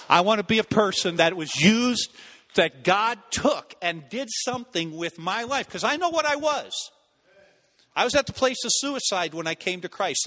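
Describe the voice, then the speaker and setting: His voice echoing with long reverb as in a big sanctuary, a male pastor tells a personal story in a sermon. The high, bright, ringing delivery is animated and lively, and now and then he acts out the people in it.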